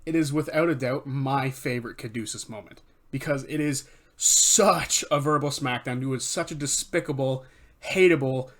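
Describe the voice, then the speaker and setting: A man giving casual, enthusiastic video commentary, recapping favorite moments, swearing freely and correcting himself as he goes. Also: mid-range voice. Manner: enthusiastic, profane, rambling with self-corrections. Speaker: fan commentator.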